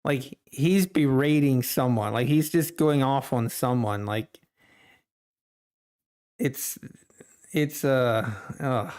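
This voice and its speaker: A man's voice: medium pitch, slow, long pauses, a little mellow, clear, resonant tone. A man hosting a live trading stream, chatting casually with viewers and laughing often. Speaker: livestream trading host.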